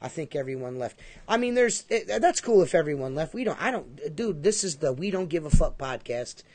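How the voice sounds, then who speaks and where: A man's voice: a little high, animated, fairly quick, a little mellow, no echo. A man co-hosting a casual livestream podcast, rambling and emphatic with a lot of swearing. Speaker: podcast co-host.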